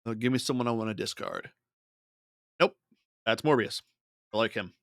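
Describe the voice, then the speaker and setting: A man's voice: on the low side, moderate pace, vocal fry, a bit bright, no echo, clean studio sound. A man casually talking himself through a digital card game as a streamer, muttering his moves and thoughts. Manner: muttering thoughts while playing. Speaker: gaming streamer. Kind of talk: casual gameplay commentary.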